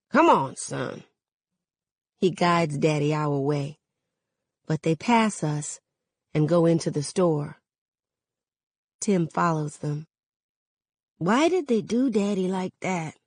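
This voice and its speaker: A woman reading a novel aloud in a measured, even narration. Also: sits low, dry recording. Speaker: reader.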